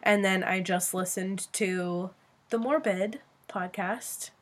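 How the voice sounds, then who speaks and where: A woman's voice: mid-range voice, slow. Giggly young woman podcast host. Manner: giggly, excitable, drawls filler words. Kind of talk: casual chat.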